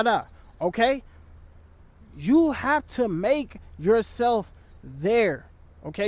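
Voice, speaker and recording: A man's voice: extremely high pitch, dry recording. A young man giving blunt, profane dating advice in a casual vlog, often checking in with the listener.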